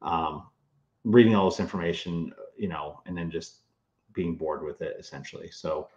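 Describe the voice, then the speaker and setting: A man's voice: deep voice, moderate pace, darkish tone, reverberant, highs cut off. A man speaking as a guest author in a casual interview. He talks in a rambling way with lots of fillers and restarts. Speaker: toy historian and author, guest.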